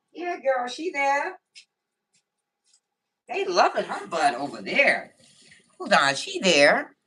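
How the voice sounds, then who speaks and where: Woman, livestream chat, husky, lively pitch, bright voice. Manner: lively, greets viewers by name, talks to chat. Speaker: livestream host. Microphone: phone.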